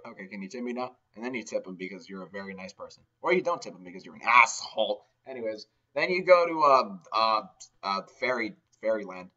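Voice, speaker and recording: A man's voice: lowish voice, lively intonation, a little fast, pushed and bright. A man giving a rambling, sarcastic comedic game recap, swearing often, recorded on a dull, lo-fi mic. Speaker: game ranter.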